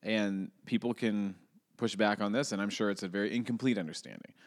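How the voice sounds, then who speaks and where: A man's voice: lowish voice, fairly quick. A man co-hosting a casual podcast, joking around and laughing often. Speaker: podcast co-host.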